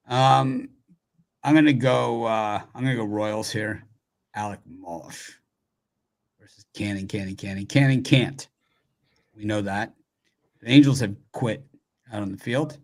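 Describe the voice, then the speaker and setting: A man hosting a live sports picks show, riffing jokily and repeating names for laughs as he runs through games. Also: medium pitch.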